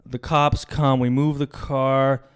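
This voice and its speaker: A man's voice: mid-range voice, takes it slowly, clean tone. A young man co-hosting a podcast, telling a story casually and animatedly, acting out the voices of the people in it. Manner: animated retelling, acts out quoted voices, swears. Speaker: podcast co-host.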